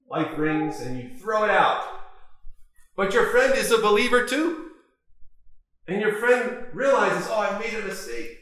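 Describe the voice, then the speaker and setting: A man preaching a sermon as an Orthodox priest, measured and full of rhetorical questions. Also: high voice, fairly bright tone. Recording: very echoey church.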